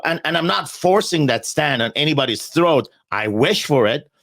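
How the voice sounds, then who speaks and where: A man's voice: a little high, animated, normal speed, vocal fry, a bit bright, no room sound. A man in a casual podcast conversation, talking bluntly and emphatically, often repeating words as he starts a point and swearing freely.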